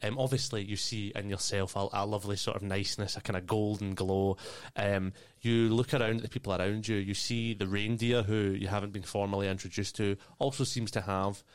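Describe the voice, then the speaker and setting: A man with a fairly low voice narrates as game master of a tabletop game. His delivery is loose and casual, full of ums and uhs, and he breaks into laughter often. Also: level tone, fairly quick, few pauses, clear, resonant tone.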